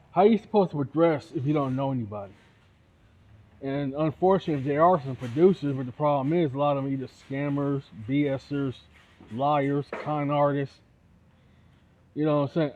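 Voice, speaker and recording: Angry man ranting, tinny phone sound. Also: a little high. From Toledo, Ohio. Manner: heated, repetitive, peppered with 'you know what I'm saying'. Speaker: independent musician. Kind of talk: angry rant to camera.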